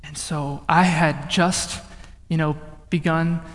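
A young man with a notably high voice tells his personal testimony, swinging from loud outbursts into hushed, quiet passages. His words ring out with a long reverb, as in a large hall. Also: fairly even intonation, slow. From northern United States. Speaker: speaker giving a testimony.

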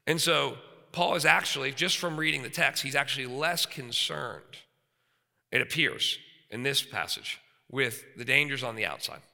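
Male pastor, 30s, animated sermon delivery, sharp tone, echoing hall. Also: mid-range voice, moderate pace, gravelly. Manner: animated, shifts between loud and quiet. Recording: long hall reverb.

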